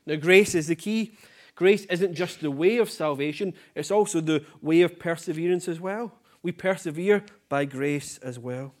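Speaking at normal speed, a man with a fairly high-pitched voice preaches an earnest sermon. He uses repetition for emphasis and lets the ends of his phrases fall quiet.

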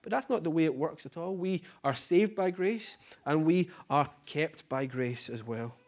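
A male preacher with a fairly high-pitched voice delivers an earnest sermon. He leans on repetition for emphasis and lets his phrase endings drop quietly. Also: moderate pace.

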